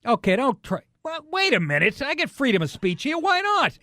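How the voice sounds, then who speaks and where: A brash male radio co-host with a high, lively voice that swings up and down as he rants and jokes. His sound is close and dry, right on the studio mic. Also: moderate pace, no room sound. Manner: brash, opinionated, jokey. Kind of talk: late-night sports radio banter.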